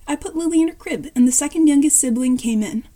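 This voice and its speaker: A woman reads a fan story aloud in a high voice with a dark, mellow tone. Her narration is plain, and she now and then corrects a word partway through. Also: quick pace.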